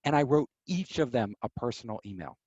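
A man telling stories as an interview guest, animated, acting out quoted voices. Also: medium pitch, fairly quick, slightly rough, no room sound, lo-fi sound. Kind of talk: casual storytelling.

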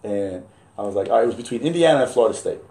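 A man in his forties, a basketball coach, telling stories in a casual, animated and profane way. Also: fairly low pitch, racing, creaky. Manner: animated, profane, acts out quoted exchanges. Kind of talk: casual podcast storytelling. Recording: roomy echo.

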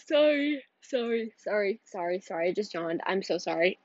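Teen girl solo podcaster, giggly and rambling, mid-pitched, dull-sounding dry mic. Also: expressive, moderate pace, a little mellow, no echo. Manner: rambling, giggly, self-interrupting. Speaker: podcast host. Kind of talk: casual solo podcast chat.

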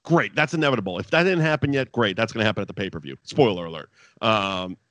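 A man's voice: animated, fast talker, a bit bright, no room sound. A man co-hosting a podcast, ranting in a profane, exasperated way about wrestling, wired on too much coffee. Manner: exasperated, sweary, ranting with sudden high outbursts. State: over-caffeinated. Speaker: podcast co-host reviewing wrestling. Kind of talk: casual profane rant.

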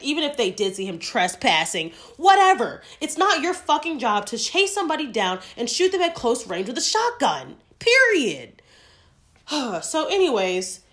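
A woman with a fairly high voice delivers solo podcast commentary. She talks in an emphatic, outspoken way and swears freely, leaning hard on key words. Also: fairly bright tone. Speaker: podcast host.

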